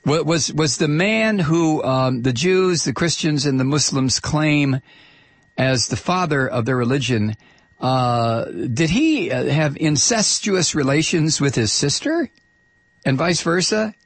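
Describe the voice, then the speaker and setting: A male talk radio host rants and mocks in a gravelly, husky voice, stumbling over fillers and restarts. His pitch swings widely and often jumps into high shouts. The sound is dry and close to the mic. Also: lively intonation, dry recording. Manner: ranting and mocking, with bursts of high-pitched shouting; halting, with many fillers and restarts. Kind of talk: political talk radio monologue.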